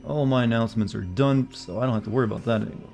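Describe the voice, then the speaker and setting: A male game streamer with an average-pitched voice chats loosely with his live viewers. He rambles and greets them by name as he goes. Soft music plays faintly underneath. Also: racing, creaky. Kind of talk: casual chat with live viewers.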